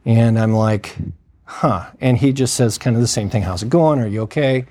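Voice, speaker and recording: A man's voice: medium pitch, fairly quick, mellow. A man with an ordinary mid-range voice recounts a shift in emergency medicine. He talks loosely and conversationally, with plenty of fillers, and slips into the voices of the people in his story. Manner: conversational, acts out quoted dialogue, frequent fillers. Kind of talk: casual spoken storytelling.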